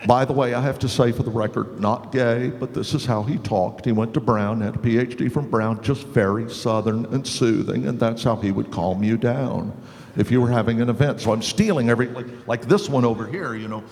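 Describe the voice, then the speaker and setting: An older man and voice actor telling lively anecdotes at a convention panel, slipping into voices. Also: mid-range voice, a little fast. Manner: animated storyteller, slips into voices. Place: convention hall. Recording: hall reverb.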